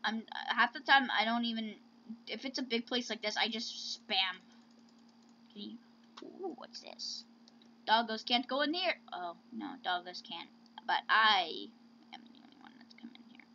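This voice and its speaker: A woman's voice: a little high, normal speed, pushed and bright, a little hiss or hum. A woman hosting let's-play commentary, chatting to her pets with sudden squeals, close to a home mic. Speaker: gaming channel host. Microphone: close desk mic. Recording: dull lo-fi recording.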